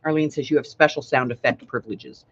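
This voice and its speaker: A woman's voice: rumbling low, fast talker, highs cut off, noisy background. A woman hosting a casual live craft class, playful and joking, laughing often. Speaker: crafting livestream host.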